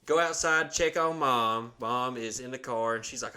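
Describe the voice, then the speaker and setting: A man from Alabama, speaking at normal speed in a medium pitch, hosts a podcast. His long story comes out casual and full of swearing, and he animates it by doing the voices of the people in it.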